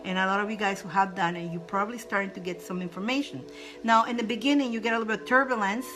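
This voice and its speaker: A woman with a mid-range voice and a steady tone races along over music. She hosts live spiritual readings, emotional and effusive, laughing often and talking straight to her viewers.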